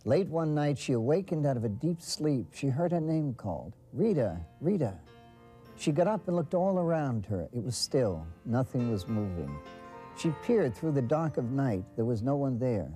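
A man narrating a saint's life story in a measured, storytelling way. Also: mid-range voice, very animated, mellow, faint music behind. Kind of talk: scripted documentary narration.

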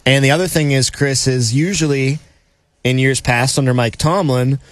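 A man's voice: medium pitch, fairly even intonation, moderate pace, no echo. A man co-hosting a casual sports talk show, joking and playful. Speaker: sports podcast co-host.

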